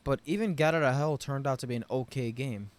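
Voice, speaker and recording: Male vlogger, mid-pitched, ranting off the cuff about a game, profane and exasperated. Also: a little fast, clear, resonant tone. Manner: profane, rambling, frustrated ranting with loud bursts. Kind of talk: unscripted game review rant.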